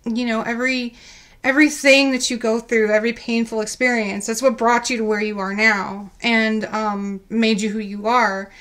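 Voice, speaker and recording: Candid young woman, slightly high voice. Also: moderate pace. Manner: candid, heartfelt, often rehashing dialogue in lively quoted voices. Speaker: interview guest. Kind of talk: unscripted personal storytelling.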